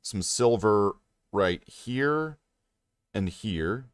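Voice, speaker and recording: Casual streamer guy, low voice, dry close sound, rambles and self-mocks. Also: expressive, very slow, clean tone, dry recording. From Canada. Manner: rambling, self-mocking, many fillers and restarts. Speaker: hobby streamer. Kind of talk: casual live-stream chat.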